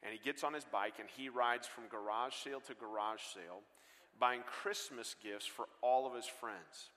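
A man's voice: medium pitch, moderate pace. A man in his forties, a guest preacher, telling funny stories in a sermon. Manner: humorous, animated storytelling. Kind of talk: sermon with storytelling. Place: church auditorium. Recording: long hall reverb.

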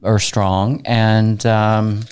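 A man from Arkansas with a Southern American accent, co-hosting a podcast in casual, animated chat that jumps between tangents. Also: fairly low pitch, extremely slow, smooth. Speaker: podcast co-host.

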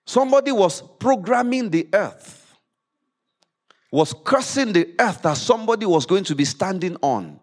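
A man preaching a sermon in a church service, reading scripture aloud with rising emphasis and dropping low to explain it. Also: animated, normal speed.

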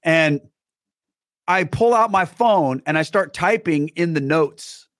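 A man telling a personal story as a podcast guest, animated, acting out the dialogue. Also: fairly high pitch, slow, dry recording, studio quality. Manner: many fillers and restarts.

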